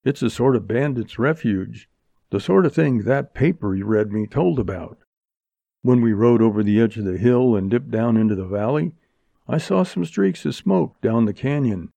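A man's voice: mid-range voice, animated, moderate pace, creaky, mellow, no room sound. A man reading an audiobook, voicing a frightened, cowardly young man among outlaws. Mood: anxious. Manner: anxious, pleading. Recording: dull lo-fi recording.

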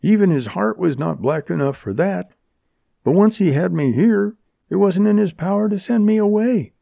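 Reading an audiobook, a man voices a fierce, commanding young woman held captive by outlaws, pitching his voice above his own in an exaggerated, high-pitched, animated way with vocal fry. Her delivery is sharp, commanding, and urgent at a moderate pace. The recording is dull and lo-fi, with no echo.

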